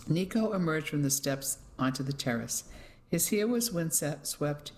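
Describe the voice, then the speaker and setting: A narrator reading a novel aloud in an even, measured manner. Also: medium pitch, rough recording. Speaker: audiobook narrator. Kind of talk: scripted narration.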